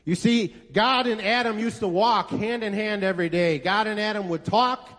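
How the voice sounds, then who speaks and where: A man's voice: high voice, normal speed, a bit bright. A male pastor preaching a sermon to a congregation, telling a story and asking rhetorical questions with emphasis. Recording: echoey hall reverb.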